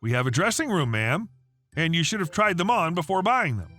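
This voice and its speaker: A man voicing a small young female coworker who answers calmly and matter-of-factly. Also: high voice, a little fast, faint music behind, full character voice. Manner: calm, matter-of-fact.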